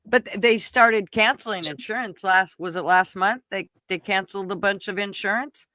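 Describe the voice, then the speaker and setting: A woman's voice: mid-range voice, normal speed, pushed and bright, no room sound. A woman co-hosting a casual political chat show, blunt and heavily profane. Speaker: co-host of a live talk show.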